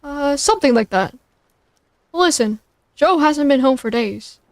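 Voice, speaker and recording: A woman's voice: high-pitched, animated, a little slow, no echo, clean studio sound. Woman reading a nervous, apologetic man. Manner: hesitant, apologetic. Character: anxious, guilty middle-aged man.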